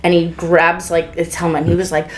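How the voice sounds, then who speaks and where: A woman's voice: lowish voice, monotone, fairly quick. A woman guest on a casual podcast, giving blunt, opinionated sports takes, full of "like" and "you know". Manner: opinionated, blunt, filler-heavy.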